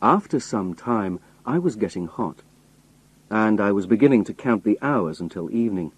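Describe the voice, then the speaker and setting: A man reading a story aloud in first person, expressive storytelling. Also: lowish voice, moderate pace, husky, low-quality recording. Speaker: audiobook narrator. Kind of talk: scripted first-person narration.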